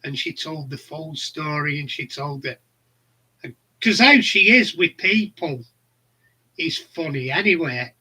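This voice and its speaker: A man's voice: a little high, pushed and bright, slightly rough, rough recording. A middle-aged man, chatting casually and bluntly, rambling through funny stories. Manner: rambling, blunt, laughs at his own stories. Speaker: channel host. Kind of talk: casual chat.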